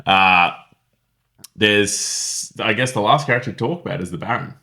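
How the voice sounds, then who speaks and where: A man's voice: on the low side, normal speed, vocal fry, bright, forceful tone. A man co-hosting a casual film review podcast, chatty and self-deprecating, laughing often. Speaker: podcast co-host.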